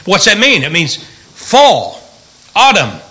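A man's voice: high-pitched, huge pitch swings, slow pace, bright, forceful tone, low-quality recording. A middle-aged man, a pastor, teaching the Bible in a folksy, joking way and asking the room questions.

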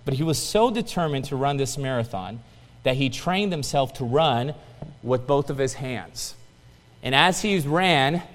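Man preaching a sermon in an echoing hall. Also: a little high. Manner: storytelling, rises to excited emphasis then drops soft.

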